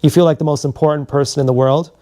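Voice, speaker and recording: A man's voice: a little high, fairly even intonation, quick pace, mellow. A man telling a long personal story on a livestream, meandering and profane, often restarting his sentences. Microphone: streaming from a body camera.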